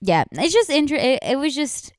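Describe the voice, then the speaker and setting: A young woman co-hosting a podcast in a casual chat, animated and laughing often, with lots of "like" in her speech. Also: high-pitched, normal speed, no echo, studio quality. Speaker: podcast co-host.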